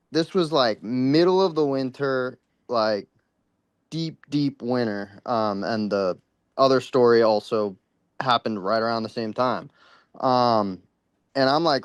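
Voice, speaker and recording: Smooth-voiced man rambling through a story. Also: medium pitch, a little slow, no room sound. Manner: rambling, full of "like" and "you know," swears freely. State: a little worked up. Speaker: caller sharing a paranormal experience. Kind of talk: casual spoken storytelling.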